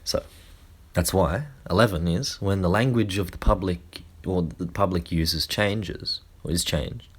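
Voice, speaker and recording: Man, deep low voice, lecture-style monologue, slow deliberate phrasing, restarts. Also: breathy edge. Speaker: speaker.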